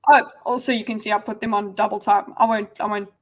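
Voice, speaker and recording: A woman's voice: medium pitch, flat delivery, quick pace, low-quality recording. A woman hosting a casual livestream, rambling, giggling and poking fun at herself as she sets things up. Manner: rambling, giggly, self-deprecating. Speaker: livestream host.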